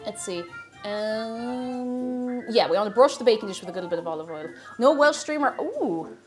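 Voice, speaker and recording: With faint music in the background, an Irish woman chats with her livestream audience while cooking at home in her kitchen, bubbly, talkative and reading out viewer names. Her voice is fairly high yet darkish in tone, animated, and moderately paced.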